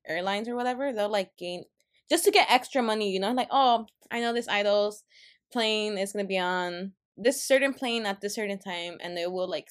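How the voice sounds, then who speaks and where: A young woman co-hosting a casual podcast, telling stories in a chatty way full of fillers, gasps and laughs. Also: medium pitch. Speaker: podcast co-host. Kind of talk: casual chat.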